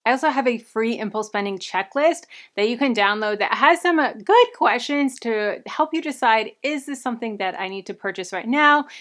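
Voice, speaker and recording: A woman's voice: on the high side, expressive, normal speed, few pauses, fairly bright tone, slight background noise. A young woman talking through personal finance tips in a casual, upbeat way, a little out of breath from her pregnancy. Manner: upbeat, friendly, enthusiastic recommendations. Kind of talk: casual advice talk to camera.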